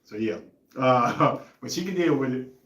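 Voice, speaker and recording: A young man with a medium-pitched, fairly bright voice hosts a podcast, animated but a little slow. He tells a story in a loose, rambling way, groping for the right words, in an echoey room.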